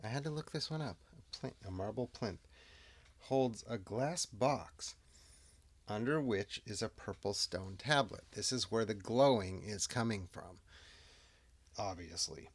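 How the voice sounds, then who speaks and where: Slow, gravelly-voiced man musing over a solo game. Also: fairly low pitch. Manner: muses aloud, drops into muttered whispered asides. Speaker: solo tabletop game player. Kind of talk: casual thinking-aloud game narration.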